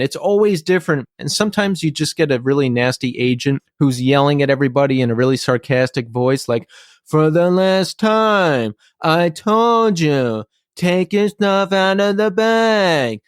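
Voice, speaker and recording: A man's voice: fairly high pitch, dry recording, studio quality. A man hosting a podcast, talking casually in a chatty, ranting way. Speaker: podcast host.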